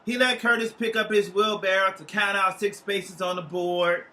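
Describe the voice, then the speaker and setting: A man performing a comic short story aloud, playful and lively, tossing in profanity with relish. His voice is strikingly bright and sits high for a man. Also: moderate pace, few pauses, poor audio. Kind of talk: humorous literary reading.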